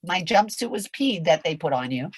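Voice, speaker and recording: Husky and on the low side, her voice has a sing-song lilt at a normal speed, with no echo. An older veteran performer, she's telling a podcast interviewer a story, acting out the voices, shouting in the anecdotes and swearing freely and candidly.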